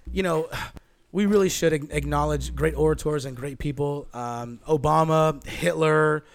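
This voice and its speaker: A man co-hosting a podcast, chatting casually with a sarcastic, joking edge. His voice sits a little high for a man. He builds up his bits with playful setups. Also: normal speed, creaky. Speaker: podcast co-host. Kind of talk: casual chat.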